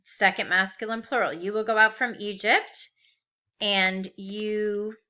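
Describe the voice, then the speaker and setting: Slow, bright-voiced woman teaching grammar. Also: mid-range voice, fairly even intonation, muffled recording. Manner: patient, walks through forms step by step, asks rhetorical questions. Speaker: Biblical Hebrew teacher. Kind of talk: recorded classroom lesson.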